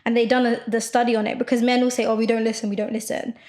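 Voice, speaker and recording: A young woman co-hosting a podcast, talking loudly and quickly in a rambling casual chat full of fillers. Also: a little high, level tone. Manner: loud, fast rambling with many fillers. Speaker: podcast co-host.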